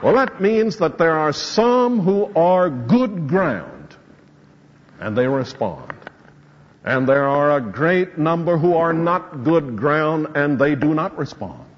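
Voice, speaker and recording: A male preacher works through scripture verse by verse, his pitch swinging widely as he builds emphasis. He speaks slowly with a slightly husky tone. The recording is dull and lo-fi, with long reverb from a church hall. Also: sing-song. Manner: expository preaching, quoting scripture with rising emphasis. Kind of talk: sermon.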